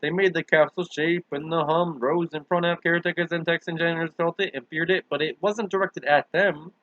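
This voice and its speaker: A man reading a novel aloud in a steady, earnest, dramatic audiobook narration, on a dull, dry, lo-fi recording. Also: a little high, fairly quick, no room sound. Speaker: audiobook reader.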